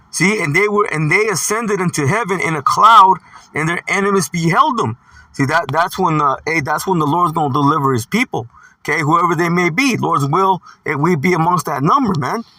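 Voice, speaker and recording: Emphatic man preaching, slightly high voice. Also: pushed and bright, no room sound, recorded from a distance. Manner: emphatic, punctuates with "see" and "man". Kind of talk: scripture teaching sermon.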